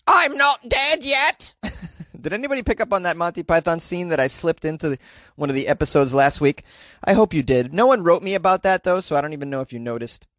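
A male podcast host in a casual comedic monologue, rambling and self-deprecating, with a slightly higher voice than most men. His words come full of "you know" and "uh" through a close microphone in a dry, deadened sound. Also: fast, no echo.

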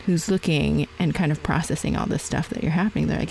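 A woman in her forties with a somewhat low voice hosts a podcast conversation. She tells her own story in an animated way and acts out past exchanges. Faint noise sits behind her voice. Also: fast talker, gravelly, poor audio. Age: 40s. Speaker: podcast host. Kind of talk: conversational interview.

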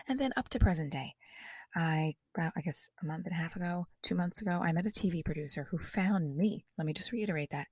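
A woman's voice: lowish voice, fairly quick, a little mellow, husky, dry recording, studio quality. A woman podcast host trying out new stand-up material, chatty and self-deprecating, rambling through restarts as she tells a story. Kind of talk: stand-up comedy trial on a podcast.

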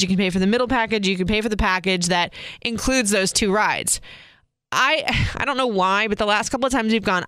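A woman's voice: medium pitch, a bit bright, clear, resonant tone, dry recording, clean studio sound. A woman in her thirties hosting a casual solo podcast, telling a rambling story with frequent restarts. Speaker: podcast host.

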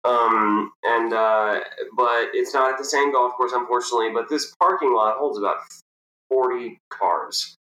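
A young man, a professional golfer, telling a story in a casual interview and acting out the people in it. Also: moderate pace. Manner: animated storyteller, jumps high to act out quoted people. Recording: roomy echo.

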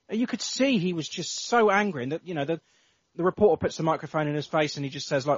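A man's voice: a little high, fast, slightly rough, no room sound. A man co-hosting a casual football podcast, ranting in exasperation and swearing often. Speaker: podcast co-host. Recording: dull lo-fi podcast audio.

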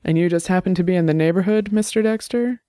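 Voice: mid-range voice, fast talker, dark tone, no echo, studio quality, pitched above the performer's own voice, natural voice. A narrator voicing a nervous, earnest middle-aged man in an audiobook, talking in an anxious, faltering way. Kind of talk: audiobook character reading.

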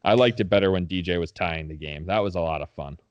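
A man co-hosting a casual chat, blunt and quick to swear and laugh. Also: low voice, clear, resonant tone, dry recording, highs cut off. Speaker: podcast co-host.

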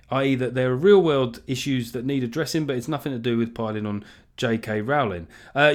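Sweary, sardonic South London man. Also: mid-range voice. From England. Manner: rambling with restarts and chuckles. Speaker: podcast host. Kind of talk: casual podcast chat.

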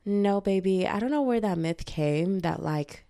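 A woman's voice: medium pitch, expressive, unhurried, creaky, warm tone. A woman in her twenties talking bluntly and animatedly in a casual confessional monologue, swearing freely. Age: 20s.

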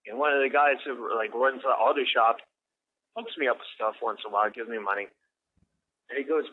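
A man's voice: medium pitch, a little fast. A man from the American South co-hosting a casual podcast, telling profane, rambling street stories. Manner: profane, rambling, animated storyteller. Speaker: podcast co-host. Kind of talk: casual storytelling chat. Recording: dull lo-fi podcast audio with faint noise.

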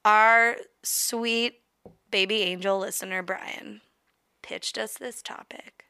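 A woman co-hosting a podcast in casual chat, animated and joking, with a lot of swearing. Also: medium pitch, slow, vocal fry, smooth, no echo, studio quality. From Italian heritage. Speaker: podcast co-host.

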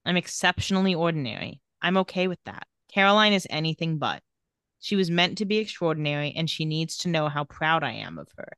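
A woman co-hosting a casual podcast, walking through the scenes of an episode and reading out the characters' lines as she goes. Her voice is bright and forceful, set a little low for a woman, and it sounds dry and close to the mic. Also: a little fast, smooth, dry recording. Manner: animated retelling with quoted dialogue. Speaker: podcast co-host recapping a TV episode. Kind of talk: casual chat, retelling scenes.

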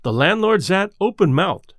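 A man narrating an audiobook ghost story in a measured storytelling manner. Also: sits high, very animated, dry recording.

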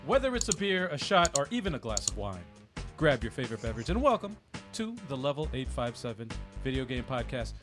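A man hosting a casual video game podcast, upbeat and quick to laugh. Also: medium pitch, big pitch swings, over music. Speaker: podcast host. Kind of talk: casual chat.

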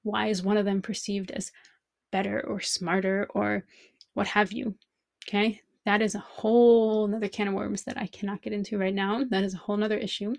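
Woman podcaster with vocal fry. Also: mid-range voice, little pitch movement, moderate pace, dry recording. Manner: thinking aloud with many rhetorical questions. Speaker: podcast host and language teacher. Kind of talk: reflective podcast monologue.

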